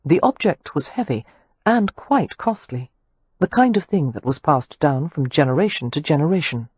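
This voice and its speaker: A woman narrating an audiobook in an expressive storytelling manner. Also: low-pitched, normal speed, breathy edge, no echo. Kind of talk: scripted narration.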